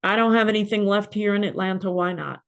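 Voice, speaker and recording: Middle-aged woman with a gravelly voice. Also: medium pitch, steady tone, muffled recording. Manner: emotional, halting, with pauses and fillers. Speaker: podcast guest, spiritual mentor. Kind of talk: personal storytelling.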